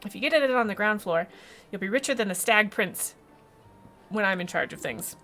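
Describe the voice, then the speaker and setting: A woman's voice: mid-range voice, expressive, normal speed, fairly bright tone, soft background music, lightly acted. A woman voicing a scheming male pirate fish captain who talks in boastful pirate slang. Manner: pirate talk, scoffing and boastful.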